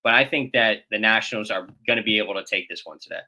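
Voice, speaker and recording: A man's voice: lowish voice, quick pace, pushed and bright, low-quality recording. A man co-hosting a morning baseball show, reeling off player stats in easygoing banter. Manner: reads stats, laid-back banter. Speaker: co-host. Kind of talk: casual sports talk.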